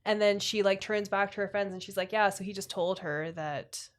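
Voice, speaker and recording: Woman, casual podcast conversation, rambling filler-heavy anecdote, ordinary pitch. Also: normal speed.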